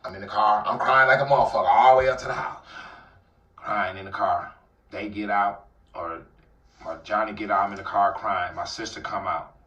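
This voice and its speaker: A man with an Atlanta accent telling a dramatic personal story in an interview, acting out the voices and swinging between loud outbursts and near-whispers. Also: fairly low pitch, steady tone, moderate pace, dull audio. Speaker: guest telling his life story. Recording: roomy, somewhat distant mic.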